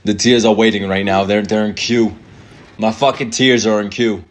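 Excitable man reacting to anime. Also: lowish voice, moderate pace. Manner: excitable, swearing, talks back to the screen. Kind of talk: emotional reaction commentary.

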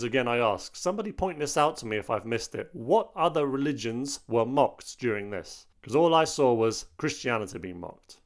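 A man's voice: medium pitch, lively intonation, normal speed, hardly any pauses. A man hosting an opinion commentary video, speaking in an indignant, emphatic way. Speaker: host.

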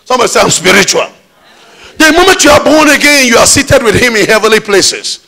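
A man's voice: very high-pitched, lively intonation, fast, bright, forceful tone. A man preaching a sermon in a church, emphatic, with call-and-response questions. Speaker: pastor.

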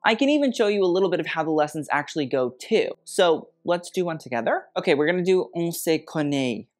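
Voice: medium pitch, animated, quick pace, faint music behind. Snarky fashion vlogger, dry wit. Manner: snarky, sarcastic and wry. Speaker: fashion commentary YouTuber. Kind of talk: scripted fashion critique vlog with a sponsor read.

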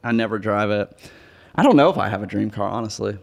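A man's voice: lowish voice, quick pace, creaky. A man hosting a podcast, chatting casually and jokingly, often trailing off with "I don't know". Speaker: podcast host. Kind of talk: casual chat.

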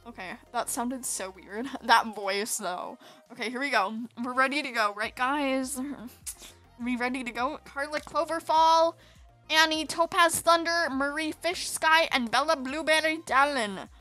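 Bright-voiced sleepy woman gamer. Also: high voice, measured pace, faint music behind. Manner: chatty, giggly, rambling. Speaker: gaming video host. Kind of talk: casual gameplay commentary.

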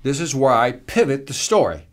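A man teaching a sales lesson, energetic and emphatic, acting out the lines he uses from the stage. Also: mid-range voice, moderate pace. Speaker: sales trainer.

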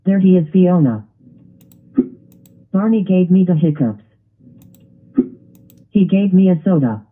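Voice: medium pitch, expressive, slow, husky. A computer voice doing a grumpy male ogre. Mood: complaining. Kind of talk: text-to-speech grounded video. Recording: tinny phone-like lo-fi audio.

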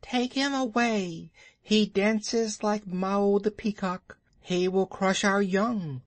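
A man's voice: high-pitched, steady tone, slow pace, dry recording, voice pushed up. A man voicing a group of hostile cobras. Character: hostile cobras in a ruined dome. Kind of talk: storybook character voice.

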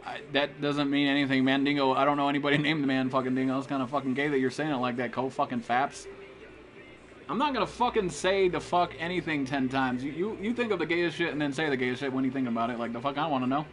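A man's voice: medium pitch, fast, a bit bright. Foul-mouthed man trash-talking while gaming. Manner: profane trash-talk, greeting chat viewers. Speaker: game streamer. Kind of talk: live gameplay commentary.

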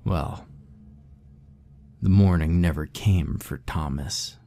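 A man narrating a horror story in the first person, with a steady, measured and somber delivery. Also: low voice, vocal fry, a little hiss or hum.

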